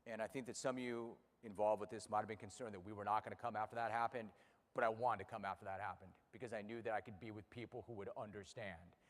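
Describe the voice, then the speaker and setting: A man in his fifties speaking emotionally to an audience about losing his racehorse, halting and repeating words when upset. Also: lowish voice, fairly even intonation, long reverb tail. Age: 50s. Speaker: racehorse owner and radio host. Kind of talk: emotional personal speech to an audience. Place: room with a live audience.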